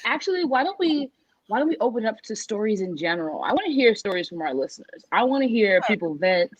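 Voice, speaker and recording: A woman's voice: mid-range voice, sing-song, fast, dry recording, lo-fi sound. A young woman co-hosting a podcast, laughing readily and speaking directly to the listeners. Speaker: podcast co-host. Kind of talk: casual chat.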